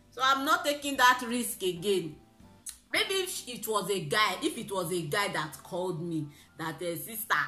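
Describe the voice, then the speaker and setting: Bright-voiced Nigerian woman telling a story. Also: mid-range voice, echoey room. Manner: animated storytelling, mixing pidgin and laughter. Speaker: vlogger. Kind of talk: story time vlog. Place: in a car.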